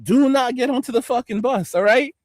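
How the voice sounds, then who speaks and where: Guy with a really high voice ranting on his stream, swearing, stammering, reading chat, dry sound. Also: a little fast, dry recording. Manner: profane, rambling, stammers, addresses viewers directly. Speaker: host. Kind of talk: livestream rant reading chat comments.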